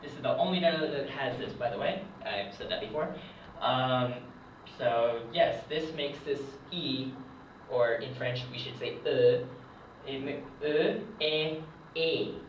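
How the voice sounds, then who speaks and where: Young male hobbyist teacher at a whiteboard, slow and halting, roomy dull far-off camera sound. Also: mid-range voice, a little hiss or hum. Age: young adult. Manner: hesitant, many ums, slow and unhurried. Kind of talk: casual whiteboard lesson. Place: room, writing at a board. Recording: echoey, distant, dull lo-fi camera audio.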